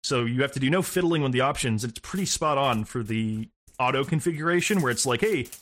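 A man's voice: medium pitch, brisk, fairly bright tone. A man co-hosting a casual gaming podcast, rambling, swearing and laughing as he talks. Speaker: podcast co-host.

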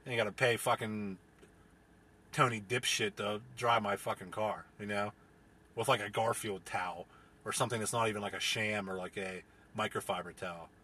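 Husky, forceful man rambling. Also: fairly low pitch, fairly even intonation, moderate pace. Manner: rambling, profane, joking. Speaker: podcast host. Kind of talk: casual solo podcast rant. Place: inside his car.

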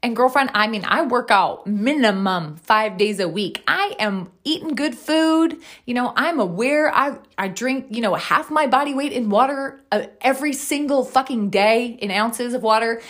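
A woman's voice: fairly high pitch, lively intonation, moderate pace, hardly any pauses, a bit bright. Emphatic, swearing woman podcaster. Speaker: podcast host, wellness coach. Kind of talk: candid personal monologue.

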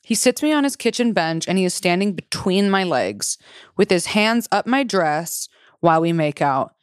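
A woman's voice: fairly low pitch, big pitch swings, moderate pace, smooth, no echo, clean studio sound. A woman co-hosting a comedy podcast, reading a story aloud in a casual way, swearing a lot. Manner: swears a lot and laughs often.

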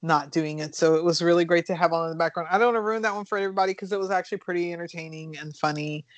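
A woman's voice: on the low side, very fast, no echo. Chatty woman retelling a horror movie. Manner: rambling, animated storytelling with fillers and swearing. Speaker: podcast co-host reviewing horror films. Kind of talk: casual chat, retelling movie plots.

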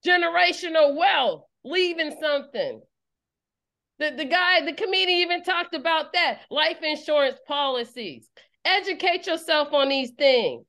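This woman preacher's high, animated voice has a fairly bright tone and moves a little slowly. She's leading an online service with a fiery sermon, repeating phrases and building call-and-response intensity.

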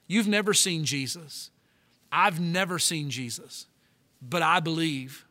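Pastor, male, high bright voice, preaches with emphatic drawn-out stresses, long hall reverb. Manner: emphatic, slows and stretches key words. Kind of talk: sermon.

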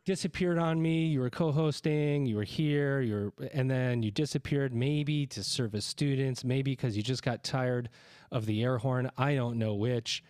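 A man's voice: mid-range voice, moderate pace, a little mellow, clear, resonant tone, no echo, clean studio sound. A man hosting a podcast in a casual, joking, rambling way, a little out of breath. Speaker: podcast host. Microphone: studio microphone.

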